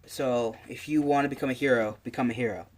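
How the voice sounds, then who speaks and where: A man's voice: medium pitch, steady tone, fast talker, lightly acted. A man voicing a confident grown male superhero, upbeat and encouraging, in a casual retelling.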